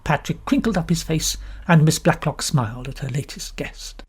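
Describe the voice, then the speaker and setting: A woman from London with a British accent, narrating an audiobook in an expressive, lively storytelling manner. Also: sits low, moderate pace, slightly rough. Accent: British English. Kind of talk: scripted narration.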